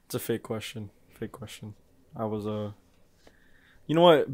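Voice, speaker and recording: A man's voice: fairly low pitch, normal speed, a little mellow, no room sound. A man in casual podcast chat, dropping dry joking asides.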